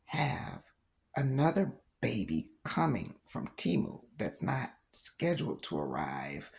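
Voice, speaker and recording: Middle-aged lady vlogging about her reborn dolls, super low voice with a gravelly edge, laughs a lot. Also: slow. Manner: animated storytelling, laughs often. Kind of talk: casual storytelling vlog.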